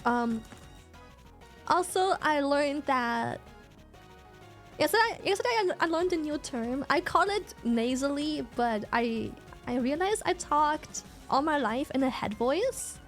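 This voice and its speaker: A woman's voice: sits high, animated, takes it slowly, faint music behind. A young woman streaming while sick, chatting candidly and swearing freely as she explains her voice. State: sick, slightly hoarse. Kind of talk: casual stream chat.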